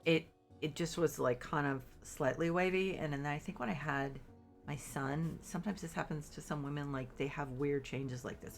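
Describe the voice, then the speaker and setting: A middle-aged woman with a low, creaky voice chats with viewers while playing on her stream. She sounds stuffed up and sniffles, rambling apologetically and using lots of fillers.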